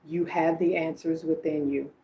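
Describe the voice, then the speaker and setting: A woman with a low, deep-set voice hosts a live psychic reading stream. She talks in a loose, chatty way, relaying messages to viewers and breaking into easy laughter between phrases. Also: steady tone, moderate pace, dark tone, slight background noise. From Illinois. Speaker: psychic medium and livestream host. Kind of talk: casual livestream psychic reading.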